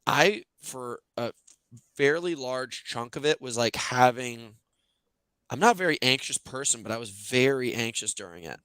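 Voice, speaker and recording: A male podcast host chats casually in a smooth, mid-range voice at normal speed, with no room sound. He tells stories in an animated, loose way, packed with fillers.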